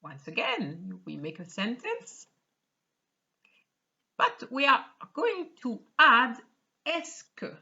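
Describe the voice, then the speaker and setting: A woman teaches a beginner language lesson at a slow, patient pace, repeating key points and checking with the viewer. Her voice is bright with a lively pitch, on a slightly dull, lo-fi recording. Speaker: French teacher.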